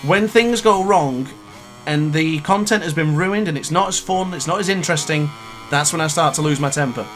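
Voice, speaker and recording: Man, late twenties, gaming commentary, frustrated rant, slightly high voice, faint background music. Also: normal speed, a bit bright. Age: 20s. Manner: frustrated, ranting, with bursts of exasperated laughter. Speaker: gaming YouTuber. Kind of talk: live gameplay commentary.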